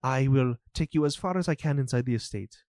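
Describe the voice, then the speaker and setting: Man doing a rushed, overly polite steward NPC, dry sound. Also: medium pitch, darkish tone, no echo, close to an everyday voice. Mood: flustered. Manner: rapid, overly polite formal speech. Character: fawning male estate steward, formal and flustered.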